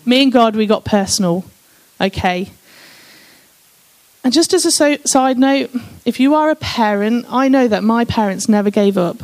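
Woman, testimony speaker, emphatic, reads scripture between personal asides, slightly high pitch. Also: lively intonation, moderate pace, a little mellow, rough recording. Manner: emphatic, addresses listeners as "guys". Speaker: speaker sharing her testimony.

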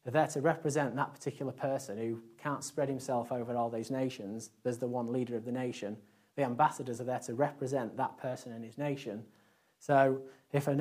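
Man, thirties, Yorkshire accent, conversational sermon, filler words, builds to louder emphasis. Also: mid-range voice. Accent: Yorkshire English. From Yorkshire, England. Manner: conversational, rambling with fillers, swells louder on key points. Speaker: preacher.

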